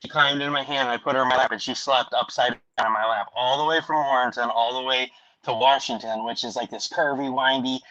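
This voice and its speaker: A man hosting a casual podcast from home. He tells long stories that wander and restart, in a voice of ordinary pitch. The audio is a little dull and lo-fi. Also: fairly even intonation, fairly quick, sharp tone, dry recording. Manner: rambling storyteller with many restarts. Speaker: podcast host. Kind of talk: casual chat.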